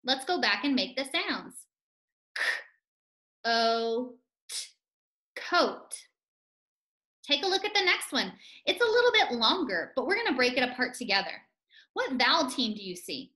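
A woman teacher giving a first-grade phonics lesson, speaking slowly and clearly in a sing-song way, leading chants for children. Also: high voice, sing-song, pushed and bright. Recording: echoey room.

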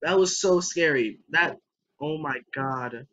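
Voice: mid-range voice, slow pace, a bit bright. A young adult gamer giving let's play commentary, joking, rambling and talking back at the game on screen. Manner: jokey, rambling, talks to the game. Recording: dull lo-fi recording.

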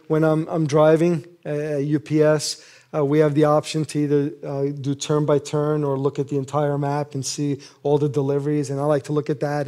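A man's voice: a little high, mellow. A middle-aged male preacher giving a casual sermon, acting out scenes and laughing often.

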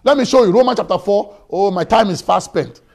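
Male pastor, high voice, energetic sermon delivery, stammers and repeats words. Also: brisk, gravelly. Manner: storytelling, swings from quiet to shouting, repeats words.

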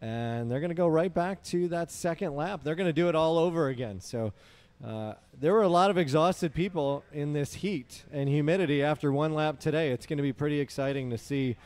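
A man doing live sports commentary from a tent booth, explaining the race in a relaxed way with dry humor. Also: on the high side, a little fast, hardly any pauses. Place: tent booth at a beach event.

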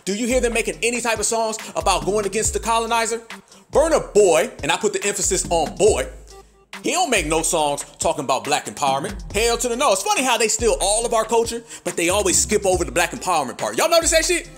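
A man with a notably high voice delivers a fiery, preachy podcast monologue. He fires off rhetorical questions and punctuates them with profane slang. Faint music sits under his voice. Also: sing-song, quick pace, a bit bright. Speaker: podcast host.

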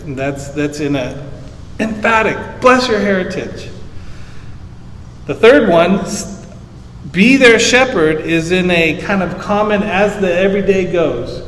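A man's voice: sits high, measured pace, a bit bright, a little hiss or hum. A man preaching a sermon as pastor, teaching in a conversational way and rising to emphasis when he quotes scripture. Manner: conversational teaching, explains Hebrew terms simply, rises emphatic on scripture. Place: church sanctuary. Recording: echoey church hall.

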